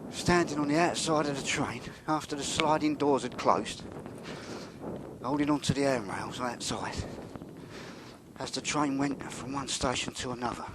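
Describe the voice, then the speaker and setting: A wry, talkative man narrates his walk beside a railway yard. His voice sits at an ordinary pitch, and he sometimes drops to a low mutter. The recording is outdoors with clear background noise. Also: moderate pace. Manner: chatty, wry, drops to a mutter when sneaking. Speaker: vlogger walking and filming. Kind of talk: casual walking commentary.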